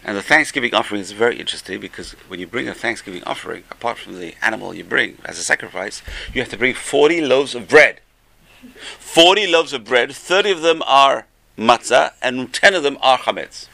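Gravelly, bright-voiced man teaching a class. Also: mid-range voice, fairly quick. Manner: animated storytelling with acted-out voices. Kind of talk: Torah class talk.

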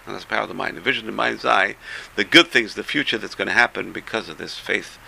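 Gravelly, animated man telling a religious story. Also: lowish voice, quick pace. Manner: animated storyteller, swinging between loud bursts and soft asides. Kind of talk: storytelling Torah talk.

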